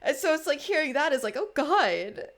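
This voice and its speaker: A woman's voice: high-pitched, fast. A woman streaming a video game, chatting expressively and reacting with laughter and swearing. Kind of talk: let's play commentary.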